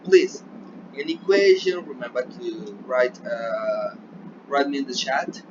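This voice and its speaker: A man's voice: mid-range voice, takes it slowly. A man with a Colombian Spanish accent, a native Spanish speaker, teaching an English lesson remotely and often checking in with "yeah?". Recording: dull lo-fi recording with noticeable background noise.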